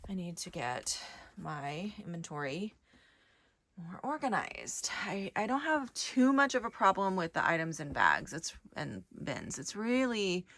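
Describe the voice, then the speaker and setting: A woman's voice: medium pitch, fairly bright tone, no room sound. A middle-aged woman chatting casually to viewers while walking around her storage area, hunting through shelves and bins. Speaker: reseller vlogger. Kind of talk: casual work-with-me vlog narration.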